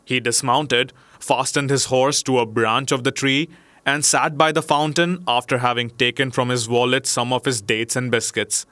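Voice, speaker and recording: Man reading an old fairy tale out loud, bright tone, super dry close sound. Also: medium pitch, dry recording. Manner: measured, expressive reading. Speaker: narrator. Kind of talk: storybook narration.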